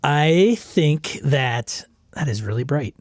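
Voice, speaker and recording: Hesitant, thoughtful podcast co-host. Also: male voice, fairly high pitch, expressive, takes it slowly, a little mellow, no echo, studio quality. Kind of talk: casual podcast chat.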